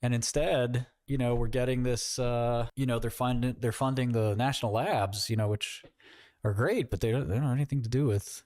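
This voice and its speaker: A man's voice: mid-range voice, fairly even intonation, normal speed, a little mellow, no room sound, studio quality. A man hosting an investing livestream, talking casually in a sarcastic, mocking way.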